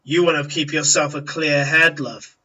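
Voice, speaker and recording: A man's voice: a little high, flat delivery, moderate pace, bright, forceful tone, far from the mic, rough recording. A man voicing a menacing male half-orc debt enforcer who taunts and threatens.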